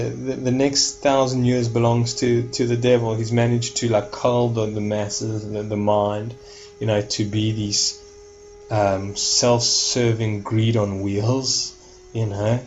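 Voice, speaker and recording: A man's voice: fairly low pitch, darkish tone, a little hiss or hum. Rambling man vlogging, muffled sound. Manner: rambling, repeats words and restarts, keeps saying "folks". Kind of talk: casual monologue to viewers.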